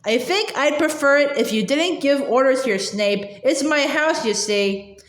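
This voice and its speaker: A woman voicing a loud, resentful man who speaks aggressively, in a roomy echo. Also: sits high, lively intonation, measured pace. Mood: defiant.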